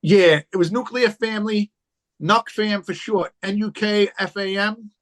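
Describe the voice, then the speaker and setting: A man tells stories in relaxed, profane chat. He rambles and circles back, with plenty of fillers between his thoughts. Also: sits high, unhurried. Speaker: podcast guest, rapper. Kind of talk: casual chat.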